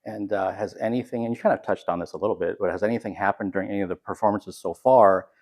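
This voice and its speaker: A man's voice: lowish voice, steady tone, quick pace, a little mellow. A man interviewing a stage actor, asking long, easygoing questions with light laughter.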